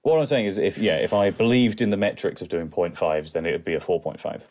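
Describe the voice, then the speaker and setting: A man co-hosting a podcast, chatting in a relaxed, easygoing way. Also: low voice, fast. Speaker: podcast co-host. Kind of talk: casual chat.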